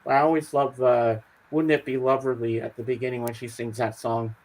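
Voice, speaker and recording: Man, co-host, casual chat, upbeat, talkative, mid pitch. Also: level tone, fairly quick, a little mellow, low-quality recording. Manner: upbeat, chatty, bursts into song snippets. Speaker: regular co-host.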